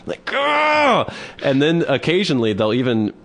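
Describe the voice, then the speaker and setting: Young male podcast co-host, lower voice, very animated comic storyteller. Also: moderate pace. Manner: animated storytelling, mimics women's grunts. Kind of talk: casual comedic chat.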